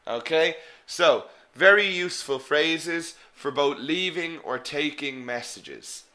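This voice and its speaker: A man teaching an online business English lesson, coaching students and repeating example phrases slowly and clearly. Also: fairly high pitch, expressive, pushed and bright.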